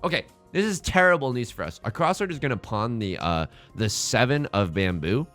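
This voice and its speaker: A young man giving casual, joking commentary over his own gameplay, slipping in quick impressions. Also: medium pitch, very animated, a bit bright, faint music behind. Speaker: let's play streamer. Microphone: headset mic.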